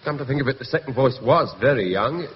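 A man playing a stammering nervous gentleman. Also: mid-range voice, expressive, fast talker, close to an everyday voice. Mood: flustered. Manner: hesitant, stammering. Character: nervous, bumbling middle-aged gentleman. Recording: muffled, echoey old radio recording.

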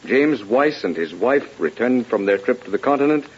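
Husky male radio-drama narrator. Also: mid-range voice, animated. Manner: measured, ominous, storytelling. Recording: lo-fi old radio broadcast.

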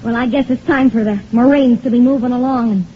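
A fairly high-voiced young woman, sassy and quick with slang, as an actress voices her. Her lines come through dull and hissy, like a vintage radio broadcast. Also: fairly even intonation, natural voice. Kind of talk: 1940s radio acting.

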